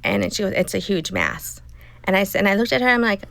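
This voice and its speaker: A woman in her fifties recounts a hard personal story in conversation, voicing each exchange as quoted dialogue. Her mid-pitched voice has a gravelly fry, and the recording is close and dry. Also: quick pace, a bit bright, no echo, poor audio. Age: 50s. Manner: emotional, retelling dialogue in quotes. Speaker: guest.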